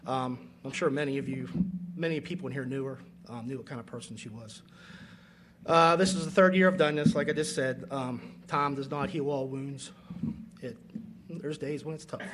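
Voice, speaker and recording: A middle-aged father giving an emotional award speech at a banquet, halting with many fillers. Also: fairly high pitch, background noise. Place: banquet hall.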